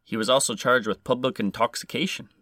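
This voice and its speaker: A man's voice: mid-range voice, fairly even intonation, a little fast, a bit bright, no echo, studio quality, lightly acted. A man voicing a polite Canadian male police constable with a Canadian accent, earnest and matter-of-fact.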